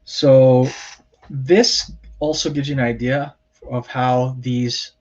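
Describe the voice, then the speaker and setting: A man gives a recorded language lesson at an unhurried pace, with frequent ums and pauses as he explains each point. His voice sits in a middle range. The recording sounds somewhat muffled and lo-fi. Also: mid-range voice, fairly even intonation, a little mellow. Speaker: Hebrew lecturer. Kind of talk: recorded lecture.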